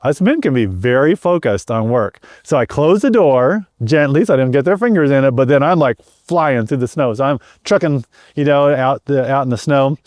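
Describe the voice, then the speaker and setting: A man's voice: mid-range voice, lively intonation, normal speed, a little mellow, no echo, studio quality. A middle-aged man earnestly telling a personal story as an interview guest, often repeating words and restarting his sentences. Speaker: guest sharing a personal testimony.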